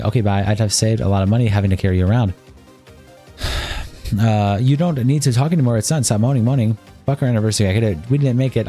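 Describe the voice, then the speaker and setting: Man streamer, reading messages aloud, rattles through fast, mellow tone, faint music behind. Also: lowish voice.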